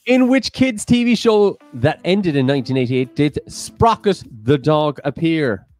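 A man's voice: a little high, animated, a little slow, darkish tone, faint music behind. A man hosting an online quiz, reading out questions with jokey asides. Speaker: quiz host.

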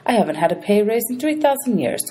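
A woman's voice: medium pitch, big pitch swings, quick pace, mellow, husky, voice pushed up. A woman reading aloud, voicing a greedy ancient male ferryman of the dead who grumbles and haggles. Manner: grumbling, sly, money-hungry.

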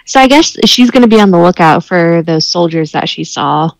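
A woman's voice: lowish voice, animated, moderate pace, vocal fry, no echo, rough recording. A woman playing in a tabletop game, hesitantly describing what her character does. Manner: hesitant, thinking aloud. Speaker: player.

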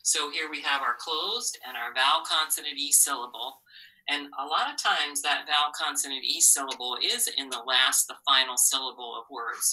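A woman teaching a phonics lesson to children, patient and encouraging, asking questions and pausing for answers. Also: very deep voice, pushed and bright, recorded from a distance, rough recording.

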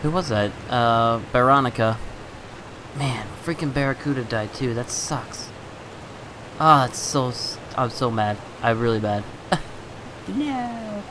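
A man talks through his game in a loose, chatty way, sighing over his losses and laughing them off. His voice sits in an ordinary middle range. Game sounds and steady noise run underneath him. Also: mid-range voice, measured pace. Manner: chatty, exasperated, laughs at own bad luck. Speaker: gaming channel host. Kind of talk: casual gameplay commentary.

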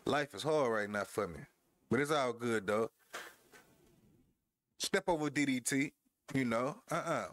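Through a headphone headset, a gamer talks over his wrestling match, mocking his opponent, laughing and speaking to his viewers in a casual way. His mid-range voice is fairly bright and unhurried, with long pauses.

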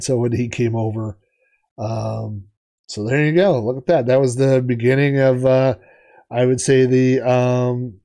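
A man telling stories on a retro gaming vlog in a chatty, rambling way, wandering off on tangents as he talks. His voice sits at an average male pitch. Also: dark tone. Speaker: retro gaming channel host. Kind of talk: casual storytelling vlog.

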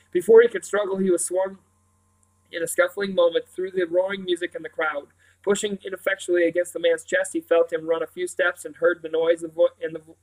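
A man reads a children's novel aloud at a steady pace. His voice sits a little high for a man. Now and then he stumbles on a word and starts it over. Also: poor audio. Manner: steady, with a few slips and restarts. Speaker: audiobook reader.

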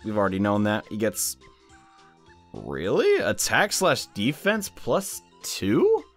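A young man hosting casual gaming commentary, excitable and chatty, with frequent exclamations. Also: fairly low pitch, slow, faint music behind. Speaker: YouTube gaming host.

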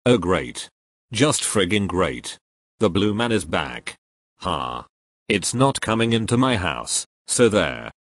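This is a text-to-speech engine voicing a man with a lowish register who reads joke error messages in a flat, machine-even way. The sound is close and completely dry, with no room around it. His delivery keeps a steady synthetic evenness throughout. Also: takes it slowly, no echo. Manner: flat, evenly paced computer voice.

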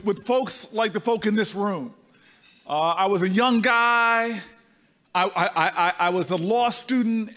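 Man telling a story in a hall. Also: sits high. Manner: storytelling, animated, swings between loud and soft. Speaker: speaker at a conference. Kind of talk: speech to a live audience. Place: large conference hall. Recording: reverberant hall.

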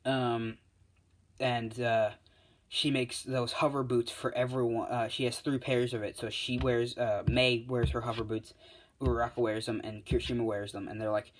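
A man's voice: medium pitch, level tone, normal speed. A man casually retelling a fan story, rambling with lots of uh's and restarts. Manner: rambling, full of fillers and restarts.

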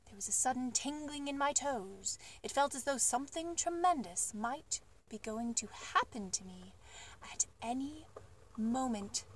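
A woman reading a children's book aloud with expressive, animated storytelling. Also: sits high, moderate pace, hardly any pauses.

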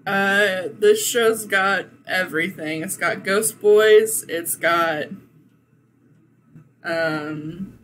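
A woman co-hosting a podcast in casual chat, easygoing and quick to laugh. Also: medium pitch, fairly bright tone, a little hiss or hum. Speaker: podcast co-host.

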